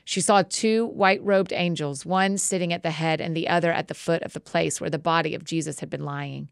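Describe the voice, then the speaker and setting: A woman reads scripture aloud at a steady, measured pace. Her voice is lowish with a noticeable gravelly fry. The sound is close and dry, with no room around it. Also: no room sound. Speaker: podcast host reading scripture. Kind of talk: scripture reading.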